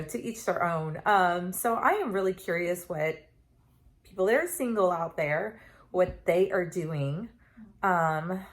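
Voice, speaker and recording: A woman, telling stories in a casual chat to camera, full of ums and asides. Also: on the low side. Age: 40s. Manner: chatty storytelling with many fillers. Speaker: vlogger.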